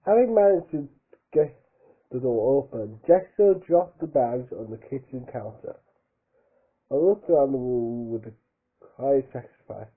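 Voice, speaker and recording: A man's voice: mid-range voice, expressive, measured pace, breathy edge. A man reads a fan story aloud, his voice rising and falling a lot as he goes. He trips over words, backs up to fix them, and breaks off to chat about his reading. The sound is thin and phone-like. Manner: stumbling reading, rereads his slips. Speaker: reader of a fan book. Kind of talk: casual read-aloud with asides.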